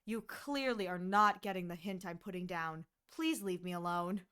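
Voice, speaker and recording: A woman voicing a deadpan young woman flatly turning down a suitor, lower and quieter than her own voice. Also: normal speed, smooth, lightly acted. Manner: flat, emotionless deadpan.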